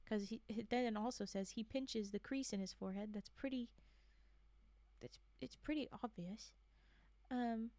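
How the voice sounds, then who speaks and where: A woman's voice: fairly high pitch, gravelly, darkish tone, no room sound. A young adult woman streamer casually reading a horror story aloud, breaking in with sarcastic, swearing asides.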